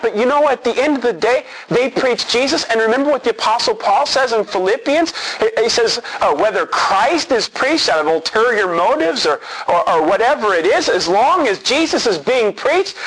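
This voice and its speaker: A man's voice: extremely high pitch, a bit bright, rough recording. A man preaching an expository sermon, earnest and emphatic, repeating key words for stress.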